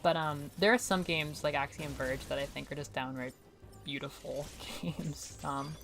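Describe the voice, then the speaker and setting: Chatty low-voiced young woman streamer. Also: fairly even intonation, normal speed, creaky, over music. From New England. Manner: chatty, rambling, heavy on fillers and frequent laughs. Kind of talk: casual gameplay commentary.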